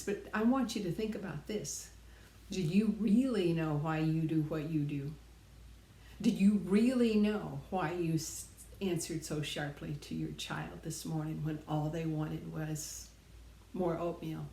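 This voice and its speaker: A woman's voice: lowish voice, a little slow, a little mellow, roomy sound. A middle-aged woman giving an earnest, reflective personal talk, sharing life lessons and pressing her points with emphatic repetition.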